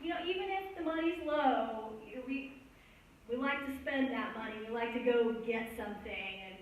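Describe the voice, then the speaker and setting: A woman's voice: a little high, normal speed. A woman co-preaching a sermon in a light-hearted way, laughing easily between points. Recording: echoey church hall from a distance, faint noise.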